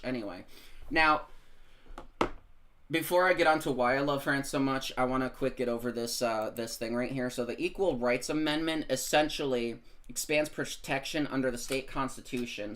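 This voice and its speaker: An American live streamer giving casual commentary, rambling and profane in an animated rant. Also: medium pitch. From United States.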